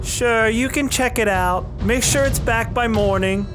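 A man voicing a brisk, curt woman librarian at a front desk in a comedic game video. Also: very high-pitched, pitched above the performer's own voice. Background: music.

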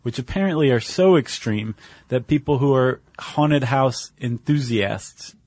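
A man co-hosting a podcast in casual chat, relaxed with many filler words. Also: medium pitch, measured pace, no room sound. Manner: relaxed, lots of filler words, acts out quotes. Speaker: podcast co-host.

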